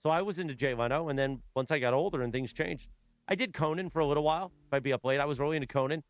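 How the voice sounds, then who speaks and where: Radio co-host, man, slightly higher voice, dry studio sound, chatty. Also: very fast, no echo. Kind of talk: casual sports radio chat.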